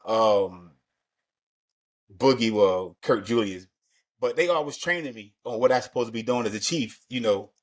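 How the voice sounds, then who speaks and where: A man's voice: fairly low pitch, normal speed. A man hosting a podcast in casual interview chat, laid-back and slangy, often repeating words as he gathers his thoughts. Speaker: podcast host.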